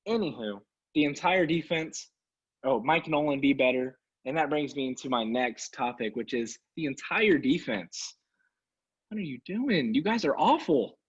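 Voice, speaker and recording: A man's voice: medium pitch, normal speed, slightly rough. Exasperated man ranting about his team. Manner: exasperated, sarcastic, animated ranting with laughs. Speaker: sports podcast co-host. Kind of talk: casual sports talk rant. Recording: dull lo-fi sound.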